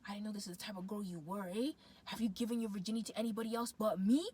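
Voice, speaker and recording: A woman's voice: medium pitch, fairly even intonation, very fast, dark tone, breathy edge, natural voice. A woman voicing a possessive, entitled young man who whines and insists, in her own voice. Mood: whiny insistent.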